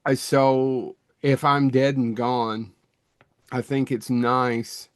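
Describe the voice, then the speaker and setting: A man's voice: mid-range voice, little pitch movement, takes it slowly, clear, resonant tone, dry recording, clean studio sound. A middle-aged man co-hosting a podcast, talking in a rambling, self-deprecating way that often restarts mid-thought. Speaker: podcast co-host. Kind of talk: casual chat.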